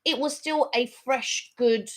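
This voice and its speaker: A middle-aged woman, co-hosting a casual live stream and sharing her opinions in an expressive, chatty way. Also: high-pitched, takes it slowly.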